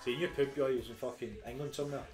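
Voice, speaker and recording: Fast-talking Scottish man, sweary and blunt. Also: mid-range voice, fairly even intonation, a little mellow. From Scotland. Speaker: podcast co-host. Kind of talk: casual banter over beers. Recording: echoey garage with music behind.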